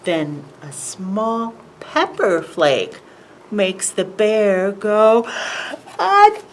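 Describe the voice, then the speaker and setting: A woman librarian reading a picture book aloud at a preschool storytime, animated and sing-song, asking the children questions. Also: mid-range voice, extremely slow, slight background noise, poor audio.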